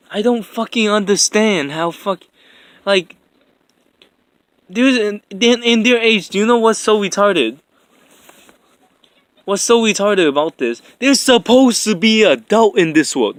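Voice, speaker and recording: Young male vlogger, high voice, dry close recording, rambling exasperated profane rant. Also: expressive, slow pace, long pauses, no room sound. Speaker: anime commentator. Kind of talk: ranting commentary.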